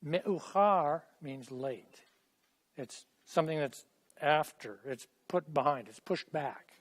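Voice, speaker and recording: A chatty middle-aged man leads a classroom language lesson, his voice sitting a little high for a man. He talks loosely with students and repeats phrases slowly for them to say back. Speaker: Hebrew teacher.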